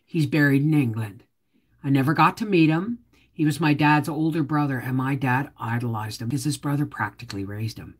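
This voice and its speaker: Sorting through old photographs, this middle-aged woman hosts a laid-back homestead vlog in a husky voice, talking fairly quickly to herself and her audience. Every so often she lets out a sudden, loud, high-pitched exclamation.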